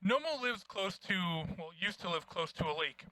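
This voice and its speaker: A young man co-hosting a podcast, telling profane, animated stories in casual chat. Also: sits high, moderate pace, no room sound. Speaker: podcast co-host.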